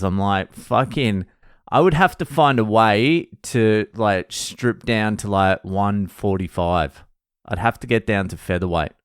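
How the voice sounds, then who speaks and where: Sweary Australian man, smooth low voice. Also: no echo, studio quality. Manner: profane, rambling, self-mocking. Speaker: podcast host. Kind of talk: casual solo podcast monologue.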